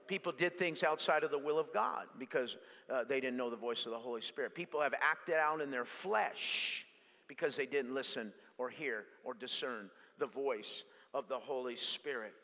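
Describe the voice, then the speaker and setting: A male pastor preaching an animated sermon that mixes in jokes. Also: mid-range voice, normal speed. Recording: long hall reverb.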